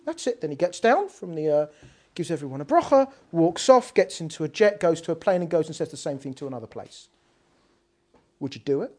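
A woman teaching a lively Torah lesson, asking many rhetorical questions and mixing in Hebrew terms. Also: deep voice, a little fast.

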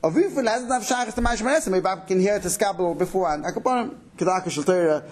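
A man teaching a halacha class at a quick clip, his voice pitched fairly high. He explains in an animated way, laying out cases and questions. His tone has a husky edge. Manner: fast, animated explaining with Yiddish-English Torah terms. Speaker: Torah teacher.

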